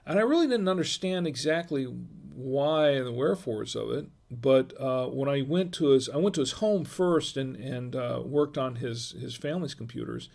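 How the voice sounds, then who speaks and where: A middle-aged man with a gravelly, fry-edged voice hosts a casual wine livestream. His pitch sits in an ordinary middle range. He rambles through stories with frequent fillers and false starts, pausing to read viewer comments aloud. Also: lively intonation, a little mellow. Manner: rambling, many restarts and fillers; reads viewer chat aloud. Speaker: livestream wine show host.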